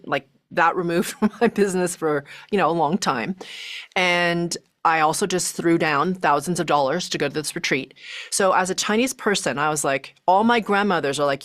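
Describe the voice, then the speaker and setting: A middle-aged woman, a podcast guest, telling a personal story in an animated way, acting out her own thoughts with lots of filler "like"s. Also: deep voice, no echo.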